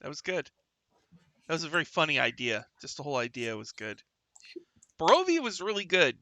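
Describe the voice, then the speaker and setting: A man's voice: a little high, sing-song, brisk, sharp tone, dry recording. A man hosting a livestream talk show, chatting casually and rambling, with lots of fillers and restarts, sometimes reading viewer comments aloud. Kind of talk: casual chat.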